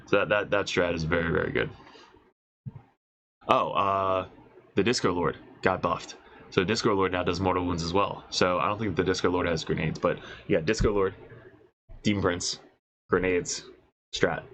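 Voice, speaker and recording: A man with a congested voice, casually reading out and reacting to game rules as a host, excited and swearing, thinking aloud. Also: sits low, normal speed, pauses often, poor audio. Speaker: wargaming video host reviewing rules.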